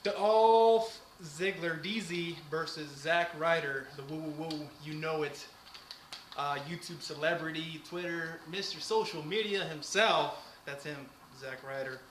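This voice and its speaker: A man with a high, bright voice reads out a wrestling card in an announcer-like way before giving his picks. The sound is echoey with a faint hiss of noise behind it, and his pitch rises well above most men's. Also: fairly even intonation, unhurried. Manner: announcer-like, reads out match cards. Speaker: co-host. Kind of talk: casual wrestling prediction chat.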